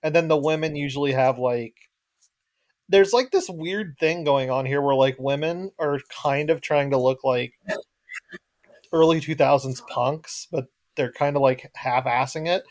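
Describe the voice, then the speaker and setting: A man's voice: fairly high pitch, measured pace, darkish tone. A man in casual podcast chat, rambling through descriptions with plenty of fillers. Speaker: podcast guest.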